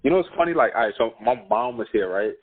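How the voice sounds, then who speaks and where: A man's voice: medium pitch, expressive, fast, husky. A man, a school counselor, chatting as a guest on a podcast, laid-back and laughing often as he tells stories. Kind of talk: casual podcast chat. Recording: phone-like narrow sound.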